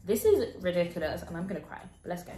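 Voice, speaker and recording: A woman's voice: fairly low pitch, very animated, fast. A teenage girl, chatting in a casual reaction vlog, giggly and self-mocking. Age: teens. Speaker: vlogger. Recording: roomy echo, faint music.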